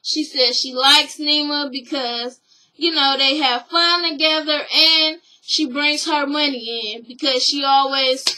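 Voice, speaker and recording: A woman's voice: high-pitched, unhurried, poor audio. A woman casually recapping a show for her vlog, blunt and profane, acting out what people said. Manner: animated storytelling, blunt and profane, acts out quotes.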